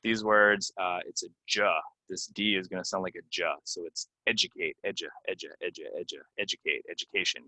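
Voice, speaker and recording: A young man teaching English pronunciation in a casual spoken lesson, slowing down to model stressed words, with frequent ums. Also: sits low, pushed and bright, no echo. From United States.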